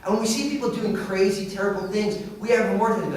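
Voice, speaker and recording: A male pastor preaching a sermon in a church auditorium, telling stories in an animated way with frequent restarts. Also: high-pitched, quick pace, few pauses, slight background noise. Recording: echoey hall, heard from far off.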